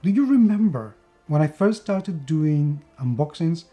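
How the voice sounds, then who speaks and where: A man's voice: a little high, animated, a little slow, warm tone, faint music behind. A man from Spain with a Spanish accent, chatting enthusiastically through a board game unboxing with plenty of fillers and restarts. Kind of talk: casual unboxing video.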